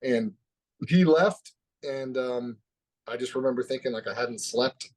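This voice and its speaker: A man as a podcast guest, telling a personal story in an open, reflective way that drops soft at the heavy parts. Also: mid-range voice, unhurried. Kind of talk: candid conversational storytelling.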